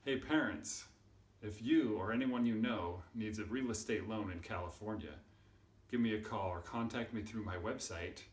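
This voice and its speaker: A man telling a silly story to children, animated and exaggerated, building up to loud shouts. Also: on the low side, normal speed. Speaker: storyteller and channel host. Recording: roomy sound from a distant mic.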